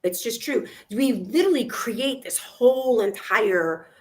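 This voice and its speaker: A woman's voice: on the high side, lively intonation, a little slow. A woman co-hosting a casual talk show, speaking energetically and encouraging her listeners. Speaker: co-host. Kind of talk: casual chat.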